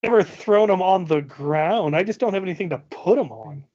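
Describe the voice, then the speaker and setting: A man hosts a casual podcast chat with a fairly high voice, full of easygoing, self-mocking jokes. The audio is dull and lo-fi. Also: lively intonation, brisk, dark tone, dry recording. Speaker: podcast host. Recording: dull lo-fi sound.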